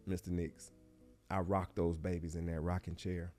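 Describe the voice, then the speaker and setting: Middle-aged man, lowish voice, heartfelt, hushed and halting, faint music behind. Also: flat delivery. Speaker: guest. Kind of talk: personal storytelling interview.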